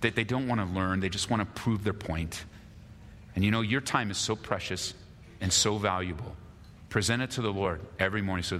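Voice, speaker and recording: A male pastor preaching an animated sermon, acting out quarrels and asking the listeners questions. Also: fairly low pitch, a little fast, slight background noise. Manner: animated, acts out quarrels in lively voices. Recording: long hall reverb.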